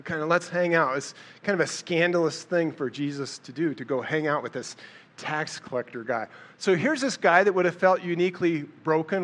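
A man's voice: a little high, a bit bright. Conversational man preaching a casual sermon. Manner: conversational, storytelling, acts out quotes with a raised voice.

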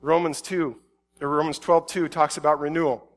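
Man preaching, quiet to emphatic. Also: on the high side, little pitch movement, moderate pace. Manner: swings from quiet musing to loud emphatic outbursts. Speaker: pastor. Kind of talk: conversational sermon.

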